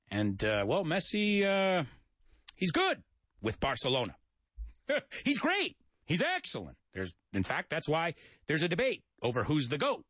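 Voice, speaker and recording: A man's voice: fairly high pitch, fairly bright tone, no echo, studio quality. A man from the United States hosting a casual English lesson, joking and spelling out words for learners. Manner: chatty, jokey, repeats and spells out words. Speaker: English teacher and show host.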